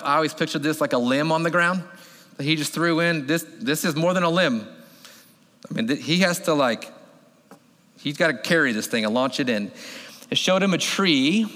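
A male pastor in his thirties delivers an animated sermon, his slightly high voice ringing through a large hall with long reverb. He tells the story vividly, slipping into the voices of the people in it.

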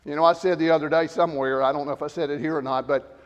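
A man preaching a sermon to a congregation, swinging from loud shouted emphasis down to low, quiet asides. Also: steady tone, rapid-fire, big-room sound, highs cut off.

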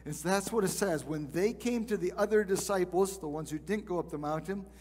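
A man's voice: high voice, a little fast, darkish tone, breathy edge, big-room sound. A male pastor teaching a sermon in a conversational way, reading scripture and acting out the people in it.

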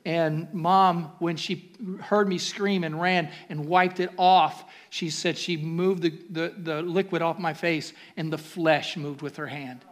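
A man preaching a sermon as pastor, asking the congregation questions and building to shouted calls. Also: on the high side, fairly even intonation, measured pace, few pauses.

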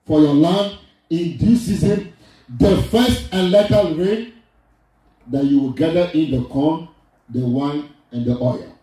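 A man's voice: fairly high pitch, mellow. A man preaching a sermon, repeating his lines for emphasis in a sing-song cadence. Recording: distant, very echoey hall with faint music.

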